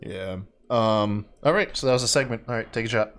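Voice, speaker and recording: A man's voice: lowish voice, a little fast, fairly bright tone, faint music behind. A man co-hosting a casual podcast, brash and swearing freely. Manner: brash, swears freely, quotes others in mock voices. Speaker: podcast co-host. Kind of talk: casual chat.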